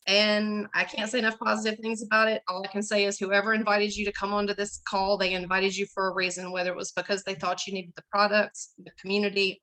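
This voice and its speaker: A woman's voice: medium pitch, pushed and bright, rough recording. A woman giving a candid, emotional personal testimonial on a company video call. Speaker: guest sharing a testimonial.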